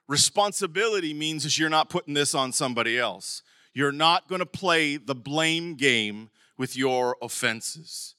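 Male pastor, middle-aged, preaching, high bright voice, dry close sound, emphatic bursts. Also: expressive, unhurried, no room sound. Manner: stumbles and repeats words at times. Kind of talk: sermon.

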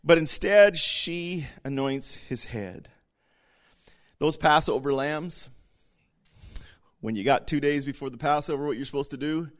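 A man preaching a sermon, animated, acting out little voices and dropping to a whisper for emphasis. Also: medium pitch. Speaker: pastor.

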